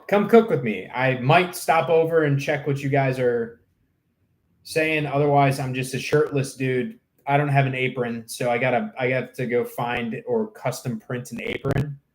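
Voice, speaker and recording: A man's voice: medium pitch, fairly even intonation, normal speed. A young man chatting casually on a livestream, rambling and joking crudely as he answers his chat. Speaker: live streamer.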